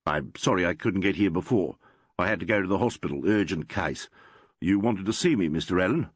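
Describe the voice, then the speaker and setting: A man voicing a proud, formal doctor in an audiobook, speaking emphatically with a husky voice. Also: sits low, animated, brisk, dry recording. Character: proud, formal male doctor, quick to anger.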